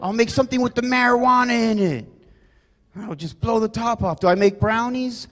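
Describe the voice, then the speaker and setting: A man performing a rambling, loud stand-up set, forever adding "you guys" and "right?". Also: very high voice, moderate pace, long reverb tail. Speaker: stand-up comedian. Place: comedy club stage.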